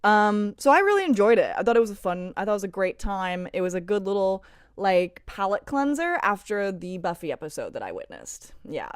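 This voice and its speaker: Woman, thirties, casual vlog chat, gushing, filler-heavy, medium pitch, dry room. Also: sing-song, a little fast, clear, resonant tone, dry recording. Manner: gushing and emotional, heavy use of "like" and "um". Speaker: vlogger reviewing TV episodes.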